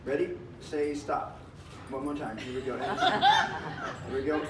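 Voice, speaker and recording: A man's voice: medium pitch, flat delivery, a little slow. A man performing as a magician and variety showman, talking in a jokey, folksy patter and chuckling often. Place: live stage show with audience. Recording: roomy, distant, with faint noise.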